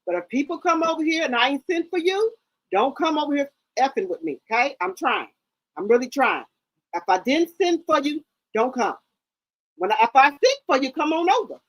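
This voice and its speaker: A woman's voice: high voice, very animated, normal speed, dry recording, rough recording. Sassy, blunt woman in her fifties. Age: 50s. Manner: blunt, sassy, curses freely. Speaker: livestream host. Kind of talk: casual livestream chat.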